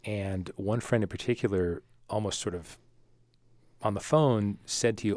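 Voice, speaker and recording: A man's voice: fairly low pitch, a little slow, a little mellow, no echo. A man hosting a radio show, introducing a guest and asking probing questions in a conversational way. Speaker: radio host. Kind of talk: radio interview. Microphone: studio mic.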